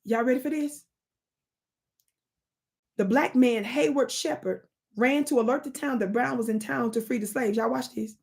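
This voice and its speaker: A woman hosting a live stream, reading history aloud and calling out to her chat in an animated, preachy way. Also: fairly high pitch, moderate pace, vocal fry, pauses often, breathy edge. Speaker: livestream host.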